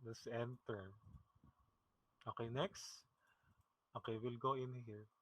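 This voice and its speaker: A man's voice: medium pitch, fairly even intonation, slow pace, a bit bright, rough recording. A man with a Filipino accent teaching a math class online, casual and chuckling, often checking in with "okay?". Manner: mixes English and Tagalog, often checks with "okay? no?".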